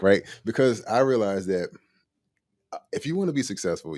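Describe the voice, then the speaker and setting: A man's voice: sits low, a little mellow, no echo, clean studio sound. A man hosting a casual live talk show, laid-back and constantly checking in with "right?". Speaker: podcast host.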